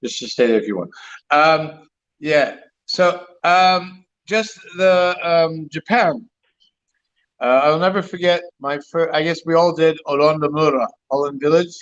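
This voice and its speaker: A man's voice: a little high, a little slow, fairly bright tone. Chatty man on dull lo-fi call. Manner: chatty, laughs easily. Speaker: guest street performer. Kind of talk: casual chat. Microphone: video call.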